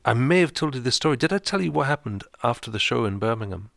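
A man hosting a radio show, casually chatting with a co-host and telling a relaxed story with chuckles. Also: medium pitch, fast, vocal fry, dry recording, clean studio sound.

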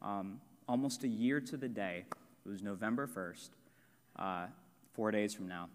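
A man's voice: on the low side, a little slow. A young man preaching a sermon with earnest personal testimony, building to emphatic points. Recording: long hall reverb.

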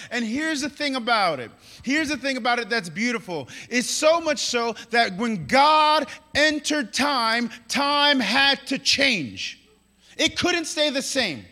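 Brief: male pastor, very high and bright voice, emphatic sermon delivery with loud-to-hushed swings, long hall reverb. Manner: emphatic, repeats key lines, swings between loud and hushed; playful asides and quick voiced-up quotes.

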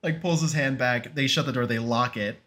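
A man's voice: medium pitch, moderate pace, bright, forceful tone. A man co-hosting a film podcast, chatting casually, chiming in and imitating the actor's lines. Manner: chatty, agreeable, laughs while mimicking lines. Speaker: podcast co-host.

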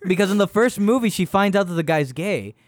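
A man's voice: high-pitched, lively intonation, brisk, slight background noise. A young man in casual chat, rambling and swearing as he retells a movie, often laughing mid-sentence. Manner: rambling, profane, laughs while telling. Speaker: podcast co-host reviewing a movie.

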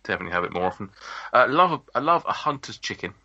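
A man's voice: fairly low pitch, sing-song, very fast, bright, forceful tone, no echo. A man co-hosting a podcast, chatting casually and rambling with lots of ums and restarts. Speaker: podcast co-host. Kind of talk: casual chat. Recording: dull lo-fi podcast audio.

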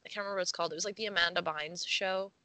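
A woman's voice: on the low side, fairly even intonation, rapid-fire, pushed and bright, dry recording, poor audio. A young woman co-hosting a casual podcast, reading a news story aloud with frequent giggles and casual swearing. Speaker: podcast co-host.

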